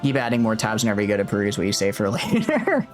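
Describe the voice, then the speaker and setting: A man's voice: lowish voice, sing-song, very fast, faint music behind. A man streaming a strategy game, chatting casually with his viewers, rambling with many restarts and fillers. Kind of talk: casual live-stream chat while gaming.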